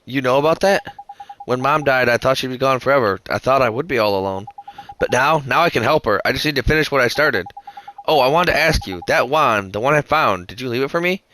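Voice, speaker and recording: A man's voice: mid-range voice, animated, brisk, slight background noise. A man reading an earnest young boy. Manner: earnest, gentle. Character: earnest young boy, lonely but hopeful.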